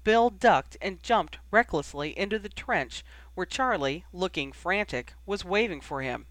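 A man reading a fan fiction story aloud as audiobook narration, with steady storytelling. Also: high-pitched, a little slow, dry recording. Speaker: audiobook reader.

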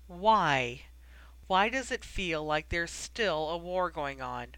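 Tormented wizard in a storybook reading, bitter self-blame, bright sharp voice, read by a narrator. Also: mid-range voice, lively intonation, slow, clear, resonant tone, dry recording, poor audio. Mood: anguished. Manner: bitter, self-reproaching outbursts. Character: anguished, guilt-ridden grown wizard.

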